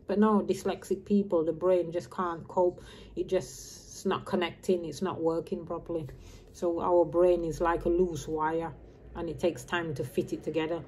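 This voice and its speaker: A woman in her fifties, raised in Birmingham, talks on and on in a loose, wandering vlog chat, dropping her H's as she goes. Her voice sits a little low and sounds soft and mellow. A faint hum of ambient noise runs behind her. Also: flat delivery, moderate pace. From grew up in Birmingham, England. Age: 50s. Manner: chatty and meandering, drops her H's. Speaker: vlogger. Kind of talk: casual rambling chat.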